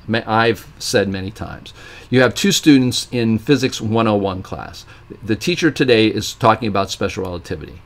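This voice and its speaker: Rambling middle-aged man hosting a live Q&A. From Ohio, USA. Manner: animated storyteller, acts out quoted voices with big pitch jumps; rambling with frequent restarts and fillers. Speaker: live stream host answering viewer questions. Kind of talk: casual live Q&A monologue.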